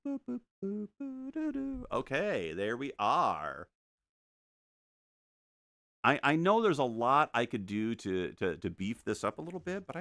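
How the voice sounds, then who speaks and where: Gravelly, animated man painting live. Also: mid-range voice, dry recording. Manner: animated, jokey, makes sound effects. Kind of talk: casual live-stream chat while painting. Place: home studio.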